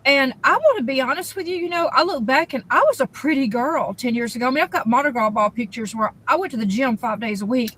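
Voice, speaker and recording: A woman recording an emotional personal video, tearful, halting and repeating herself, blunt and profane. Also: sits high, a bit bright, slightly rough, low-quality recording. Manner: halting, repetitive, outspoken with profanity. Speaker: social media creator.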